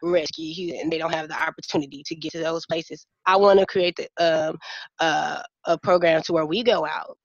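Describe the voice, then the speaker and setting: Earnest young woman, low voice. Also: steady tone, fairly quick, dry recording, highs cut off. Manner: earnest, impassioned, Southern-tinged casual speech. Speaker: nonprofit founder, guest. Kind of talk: emotional interview talk.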